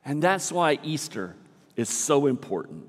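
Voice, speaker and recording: A man's voice: on the high side, sing-song, measured pace. Man preaching a sermon in a reverberant hall. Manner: dynamic preaching, swings between soft and loud. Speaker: pastor.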